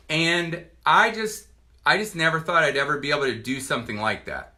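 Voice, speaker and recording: A man in his forties from Virginia, a doctor giving a personal testimonial to camera in an earnest, halting way with many restarts. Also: on the high side, sharp tone. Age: 40s.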